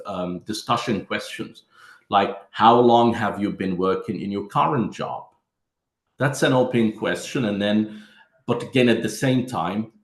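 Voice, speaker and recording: A man with a fairly low voice presents teaching methods at an online conference. He walks through each step and calls his listeners friends. His voice rings in an echoey room. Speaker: teacher trainer.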